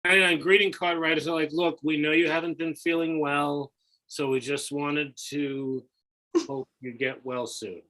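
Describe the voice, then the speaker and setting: Man, bright slightly high voice, hesitant joke teller. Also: fairly even intonation, normal speed, low-quality recording. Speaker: improv player. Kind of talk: telling quick jokes.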